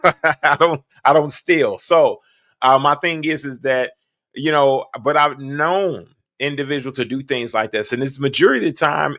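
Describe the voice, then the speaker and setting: A podcast host giving blunt, slangy, emphatic reaction commentary. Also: male voice, mid-range voice, pushed and bright, no echo, clean studio sound.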